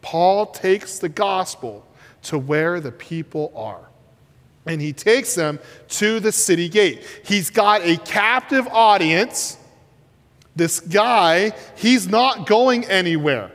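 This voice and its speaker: Man, pastor preaching, high and lively voice, headset mic, long hall reverb. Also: slow. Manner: animated preaching, shouting and whispering for effect. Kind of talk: sermon.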